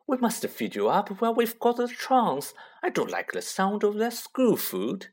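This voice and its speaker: A man's voice: high voice, huge pitch swings, measured pace, husky, pitched above the performer's own voice, exaggerated voice. A man voicing a fussy, doting middle-aged aunt who coos over her son. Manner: cooing, fussing.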